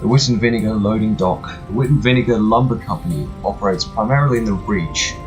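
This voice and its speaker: A man's voice: fairly low pitch, fast. A man narrating a video game, reading its text aloud with mock-dramatic flourishes and dry joking asides. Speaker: gameplay narrator. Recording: faint music behind, slightly tinny room.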